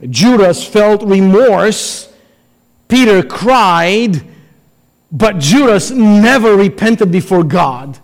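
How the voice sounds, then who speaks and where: Male pastor, high-pitched, emphatic sermon delivery, dramatic pauses, long hall echo. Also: expressive. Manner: emphatic preaching with dramatic pauses and quoted voices.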